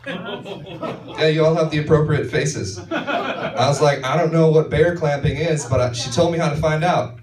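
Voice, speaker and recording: A man from northern Minnesota doing a stand-up comedy set on a club stage, telling stories deadpan and acting out the quoted voices. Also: fairly high pitch, normal speed, a crowd in the background. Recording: echoey club, far-off mic, audience noise.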